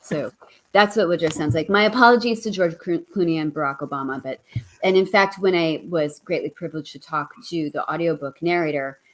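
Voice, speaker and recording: A woman author being interviewed, talking in a playful, animated and self-deprecating way and reading from her own book. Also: deep voice, brisk, low-quality recording. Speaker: author, guest. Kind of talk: conversational interview and reading aloud.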